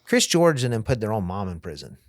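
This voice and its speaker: A man's voice: on the low side, big pitch swings, brisk, no echo, studio quality. A man as a podcast guest, telling a story in casual, profane talk and acting out what others said. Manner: profane, vivid storyteller acting out quoted dialogue.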